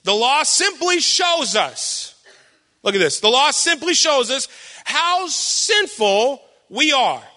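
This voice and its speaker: A young man giving a sermon with personal stories, loud and animated, self-deprecating and acting out what people say. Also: very high voice, slow pace, long reverb tail. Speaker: preacher.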